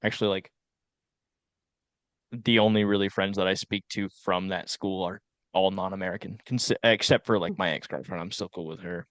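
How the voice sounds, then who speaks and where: A man's voice: deep voice, moderate pace, no room sound. Young man co-hosting a laid-back podcast. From South Carolina. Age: young adult. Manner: rambling, laughs often, animated storyteller. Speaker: podcast co-host. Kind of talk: casual chat.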